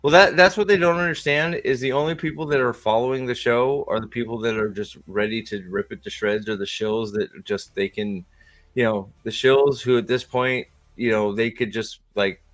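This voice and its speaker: A man's voice: lowish voice, fairly bright tone. A man hosting a podcast in a rambling, mocking, comedic rant. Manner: rambling, mocking, with frequent restarts. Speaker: podcast host.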